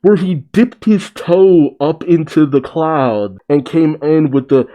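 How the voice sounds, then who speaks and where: Man hosting a reaction video: mellow voice, slow delivery, laughs and swears. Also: a little high. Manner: excitable, swears and laughs often. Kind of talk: casual reaction commentary.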